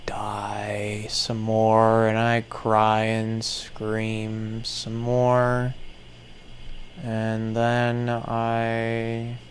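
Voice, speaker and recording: A man in his twenties performing a slow, anguished sung monologue, repeating his lament in a self-pitying way. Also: on the low side, completely flat delivery, a little hiss or hum. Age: 20s.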